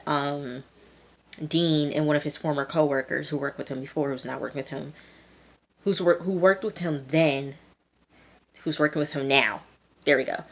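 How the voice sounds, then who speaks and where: A young woman giving a chatty, rambling recap of a TV episode, full of fillers and quoted lines. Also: sits low. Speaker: TV reviewer.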